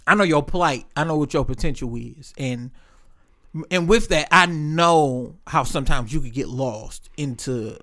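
A man's voice: on the high side, measured pace, sharp tone. A man in casual chat, telling stories in a loose, profane way and acting out the voices of other people.

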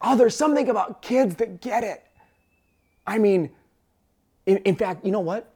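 A man preaching a sermon as pastor, talking through a story and building to impassioned, near-shouted declarations. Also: sits high, moderate pace, breathy edge.

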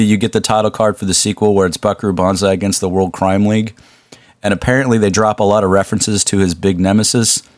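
Low-voiced man chatting about a film. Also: no room sound, studio quality. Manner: rambling, laughs often. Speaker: podcast host. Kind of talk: casual movie discussion.

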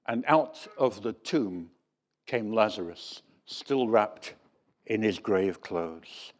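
A man's voice: medium pitch, a little slow. A man preaching a sermon, telling stories with wry humour. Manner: lively storytelling with wry humour.

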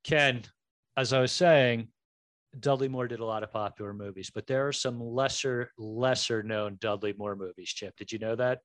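A man hosting a casual movie podcast, animated and joking, leading the others into a quiz. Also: medium pitch, dry recording, studio quality. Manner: animated, quick jokes, runs the quiz segment. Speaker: podcast host.

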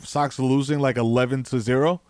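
A man's voice: medium pitch, steady tone, brisk, a little mellow, dry recording. Laid-back man in joking banter. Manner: loose, laughing banter. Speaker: podcast co-host. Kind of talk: casual comedic chat.

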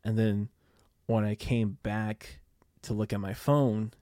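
A man's voice: lowish voice, little pitch movement, takes it slowly, mellow, no room sound, clean studio sound. A young man hosting a podcast, telling a personal story in a rambling way, with many fillers, casual swearing and laughing at himself. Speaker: podcast host.

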